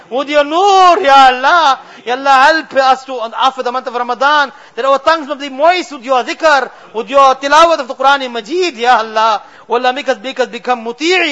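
A man's voice: extremely high pitch, pushed and bright. A man with leading a fervent, tearful supplication, pleading with a voice that breaks into sobs. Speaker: prayer leader.

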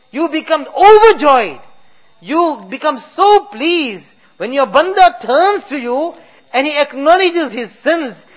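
A man leading an impassioned prayer as an imam, pleading and repeating invocations, his voice swelling and then dropping low. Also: a bit bright. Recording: dull lo-fi recording.

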